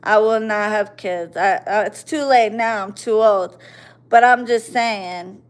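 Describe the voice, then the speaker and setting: A woman's voice: medium pitch, unhurried. A woman in her forties, a livestream host, angrily ranting at commenters in a profane, confrontational and mocking way. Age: 40s.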